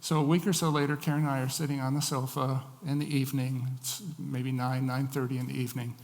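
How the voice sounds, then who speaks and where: A man's voice: mid-range voice, little pitch movement, fast, darkish tone. A man preaching a sermon as a pastor, telling stories with shifting emphasis. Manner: storytelling, varied emphasis. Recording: long hall reverb.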